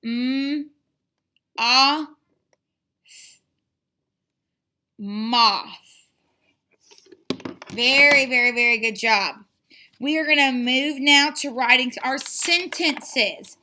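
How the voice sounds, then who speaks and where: A woman teaching a children's phonics lesson, sounding out letters slowly and praising often with repeated encouragement. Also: high-pitched, sharp tone, a little hiss or hum. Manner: slow, drawn-out sounding out of letters; encouraging and repetitive.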